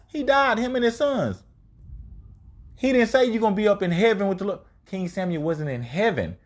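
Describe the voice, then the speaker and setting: Animated man teaching scripture casually. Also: high voice. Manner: casual, slangy, emphatic, reads verses aloud then paraphrases. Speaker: religious teacher.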